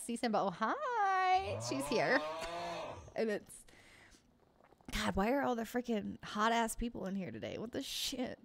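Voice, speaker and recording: A woman's voice: fairly high pitch, big pitch swings, unhurried, creaky, long pauses, a little hiss or hum. A woman hosting a livestream, chatting casually and reading live comments, bubbly, swearing freely and laughing often. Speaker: livestream host.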